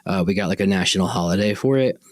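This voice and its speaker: A man's voice: low voice, fast, no echo. A man hosting a podcast, telling a personal story in a rambling, conversational way and often correcting himself. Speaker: podcast host.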